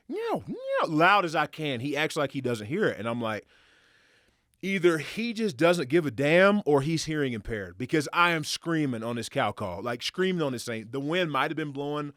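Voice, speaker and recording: Podcast guest, male, lively profane storyteller, fairly high voice, dry close sound. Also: a little fast, dry recording. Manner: animated, profane, excitable retelling with acted quotes. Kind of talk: casual storytelling.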